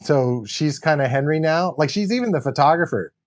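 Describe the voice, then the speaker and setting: A man chatting on a casual livestream, rambling and excitable, often breaking into laughter. His voice sits a little high and swings up and down a lot. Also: a little fast. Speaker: livestream host. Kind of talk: casual chat while building a toy set.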